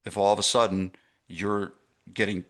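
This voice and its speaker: A man's voice: lowish voice, flat delivery, normal speed, fairly bright tone. A middle-aged man teaching a live online masterclass for gym owners, stressing points and checking in with his audience. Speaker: gym business coach.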